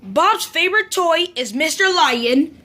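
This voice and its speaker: A woman reading a children's picture book aloud in an animated, sing-song storyteller manner. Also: extremely high pitch, measured pace.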